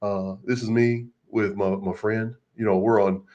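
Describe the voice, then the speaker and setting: A man's voice: fairly low pitch, level tone, normal speed, warm tone, dull audio, close to an everyday voice. A man voicing a mocked, whiny male cowboy reenactor with exaggerated sobbing and boasting. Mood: boastful.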